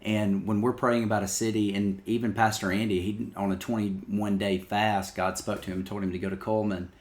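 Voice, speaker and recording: Low-voiced pastor, easygoing. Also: male voice, level tone, fairly quick. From small-town Alabama, US. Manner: easygoing, friendly storyteller. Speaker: campus pastor, podcast guest. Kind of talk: casual interview chat.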